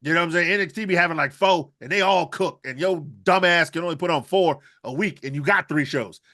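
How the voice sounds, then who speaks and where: High, bright-voiced ranting man. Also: a little fast. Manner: profane, rambling riffing. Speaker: podcast co-host. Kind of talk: comedic rant.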